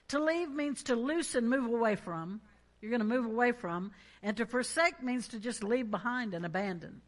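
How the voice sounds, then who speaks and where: A woman's voice: fairly high pitch, animated, normal speed, fairly bright tone. A woman preaching a sermon in an emphatic, conversational way, reading scripture and prompting the congregation to respond.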